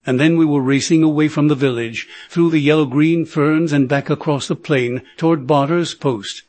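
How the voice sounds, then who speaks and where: A man narrating an adventure novel in a steady, measured reading. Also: on the high side, no echo. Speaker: audiobook narrator. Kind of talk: scripted narration.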